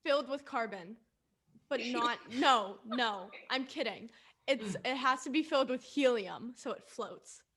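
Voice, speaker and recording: A woman's voice: a little high, a little slow, fairly bright tone, a little hiss or hum. A woman co-hosting a casual school podcast, playful and jokey, stretching words for emphasis. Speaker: podcast co-host. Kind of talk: casual group chat.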